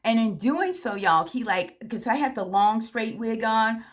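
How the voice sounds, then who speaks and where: A woman's voice: a little high, lively intonation, measured pace. A woman vlogger telling a story in a casual, chatty way, talking straight to her viewers, frank and candid. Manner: chatty, addresses viewers directly.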